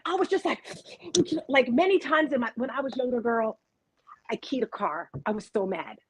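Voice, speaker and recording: Woman host, high voice, animated and candid, jokes as she tells stories. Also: moderate pace, breathy edge, rough recording. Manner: animated storyteller, candid and joking. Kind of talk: casual chat.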